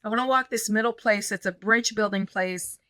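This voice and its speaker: Bright-voiced woman pastor telling a story. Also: medium pitch, normal speed, no echo. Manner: animated, acts out quoted dialogue. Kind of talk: conversational interview storytelling.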